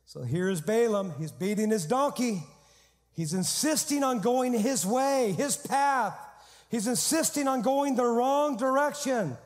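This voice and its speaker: A male pastor delivers a sermon with animated storytelling and humor. His voice is high and carries a long reverb through a large sanctuary. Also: a little slow.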